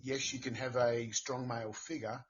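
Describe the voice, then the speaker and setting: A man's voice: medium pitch, flat delivery, muffled recording. Earnest man guest, faint hiss. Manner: earnest, halting with fillers. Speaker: guest author. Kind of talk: casual interview chat.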